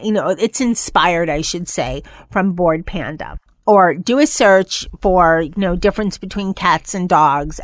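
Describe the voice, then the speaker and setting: A woman hosts a pet podcast as a casual, rambling monologue with no echo. Every so often she slips into high, playful voices to imitate excited pets.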